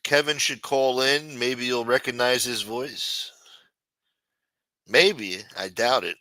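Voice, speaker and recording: A man's voice: mid-range voice, takes it slowly, sharp tone, dry recording, studio quality. A man hosting a livestream, talking crudely and mockingly while reacting to his chat and thanking supporters. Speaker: livestream host. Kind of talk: profane casual commentary.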